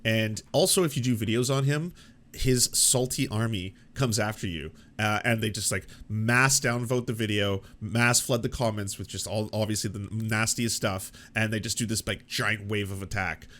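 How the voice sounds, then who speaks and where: A man's voice: fairly low pitch, fairly even intonation, moderate pace, a bit bright. A man hosting a reaction show, talking casually and loosely, with lots of swearing and "like" fillers. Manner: loose, profane, frequent "like" fillers. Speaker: show host reacting to a debate. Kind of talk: casual commentary.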